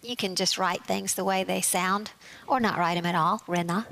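A woman teaching a Bible study, explaining scripture in a measured way and reading verses aloud. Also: fairly high pitch, a bit bright.

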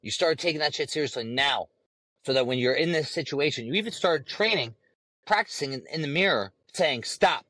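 A man's voice: fairly high pitch, lively intonation, brisk, sharp tone, no echo. A man hosting a podcast, ranting heatedly with lots of swearing, repeating lines for emphasis. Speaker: podcast host. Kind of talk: profane opinion rant.

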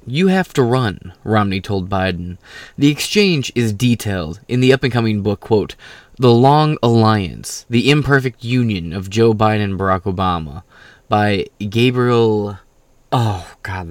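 Tired guy reading political news, sarcastic, cussing a lot, kinda low voice, dry mic. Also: animated, a little slow, dry recording. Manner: profane, rambling, sarcastic asides. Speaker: political commentary host. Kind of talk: casual political commentary, reading an article.

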